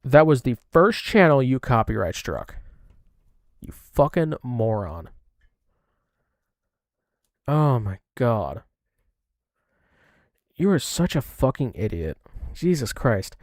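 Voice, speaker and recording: A man's voice: mid-range voice, dry recording. A man with a mid-range voice picks apart someone else's words in sarcastic, swearing commentary. His delivery is mocking and exasperated. The sound is dry, with no room around it. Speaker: commentary streamer. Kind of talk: reaction commentary.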